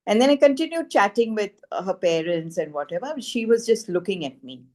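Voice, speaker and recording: A woman telling a personal healing testimonial in an earnest, animated way, with many "you know" fillers. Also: mid-range voice, a little fast, few pauses. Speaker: frequency healing practitioner.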